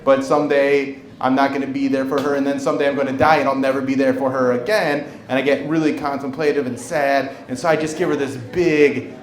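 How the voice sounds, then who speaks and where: A man in his forties performing a stand-up comedy set on a club stage, telling an animated story and acting out the voices of the people in it. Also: mid-range voice, brisk, few pauses, slight background noise. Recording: roomy live club recording with crowd laughter. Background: audience laughter.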